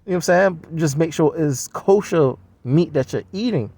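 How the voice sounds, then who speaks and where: High, gravelly man ranting. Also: expressive, moderate pace, dark tone. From United States. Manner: blunt, heavily profane, scoffing. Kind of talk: profane solo rant.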